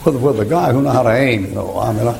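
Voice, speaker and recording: A man's voice: mid-range voice, fast talker, vocal fry, heavy background noise. An older man preaching a folksy sermon full of stories, chuckling as he talks. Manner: folksy storytelling, chuckling, rising to shouted rhymes.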